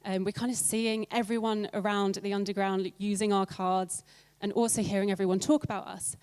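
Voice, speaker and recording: A woman's voice: mid-range voice, a little mellow. Casual woman speaking on stage. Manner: casual, plain-spoken, with fillers. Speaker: conference speaker, visual designer. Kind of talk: conference talk. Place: conference stage.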